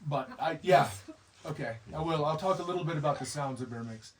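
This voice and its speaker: A man's voice: on the high side, brisk, recorded from a distance, rough recording. A man giving an informal training lecture to bear viewing staff, explaining behavior and acting out what bears and guides might say. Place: lodge room with a group.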